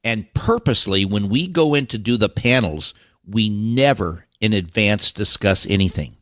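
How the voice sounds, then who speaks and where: An older man, a guest on a podcast, telling animated, rambling stories with many restarts. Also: on the low side, normal speed, no echo, studio quality. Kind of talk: casual storytelling interview.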